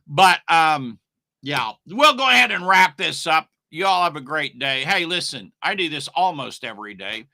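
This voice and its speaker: Middle-aged man, slangy rambling marketing talk, very bright tone, dry close mic. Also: a little high, big pitch swings, moderate pace, no room sound. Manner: rambling, emphatic, slangy, asides to viewers. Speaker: online marketing teacher hosting a live stream. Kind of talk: casual live stream talk.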